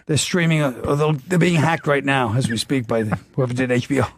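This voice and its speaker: Rambling American comedian, dry close mic. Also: male voice, mid-range voice, fairly even intonation, fairly quick, no room sound. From United States. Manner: rambling storytelling with laughs and restarts. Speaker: comedian guest. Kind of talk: casual comedy podcast chat.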